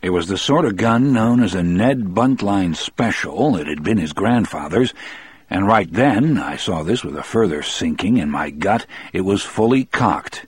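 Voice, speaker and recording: A man reads a first-person novel aloud in a measured, grim way. His voice sits low and husky, and it is recorded dry and close with no room sound. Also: lively intonation, no echo. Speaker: audiobook narrator. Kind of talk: first-person audiobook narration.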